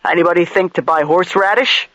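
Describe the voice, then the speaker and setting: A man putting on a drunk, loud-mouthed cop, crude and spoiling for a fight, his voice pushed a little high. The audiobook read is dry and slightly muffled, with no room around it. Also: fast talker, dry recording. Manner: loud, crude, belligerent, swearing. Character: crude drunk middle-aged male police detective.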